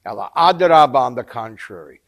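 A man's voice: mid-range voice, lively intonation, brisk, a bit bright. A man teaching a religious text, telling a story with expression and explaining Hebrew terms in English. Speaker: Torah teacher. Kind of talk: textual study lesson with storytelling.

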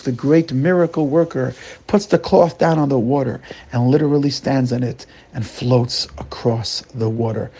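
A man telling a story as a lesson, dramatic and animated, with sudden rises and drops. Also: on the high side, creaky, breathy edge, dull audio.

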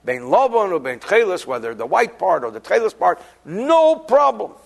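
A man's voice: sits high, big pitch swings, moderate pace, vocal fry. A man, a rabbi, giving a chatty daily lesson on Jewish law, cracking jokes and explaining Hebrew passages. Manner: joking, chatty, mixing Hebrew terms into explanations.

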